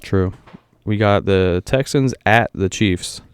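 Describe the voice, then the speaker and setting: A man co-hosting a casual sports podcast, relaxed and running the segment. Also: on the low side, slow pace, smooth, no room sound. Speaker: podcast co-host.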